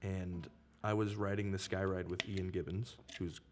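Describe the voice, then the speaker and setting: Young male guest, fairly low voice, easygoing and enthusiastic movie chat. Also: flat delivery, moderate pace, a little mellow, a little hiss or hum. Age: young adult. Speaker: podcast guest. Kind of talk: casual chat.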